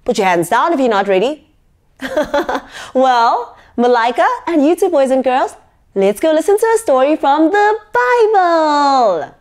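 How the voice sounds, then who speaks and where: A woman's voice: high-pitched, big pitch swings, a little slow. A woman leading a children's church session, introducing the story in a playful, upbeat way to kids.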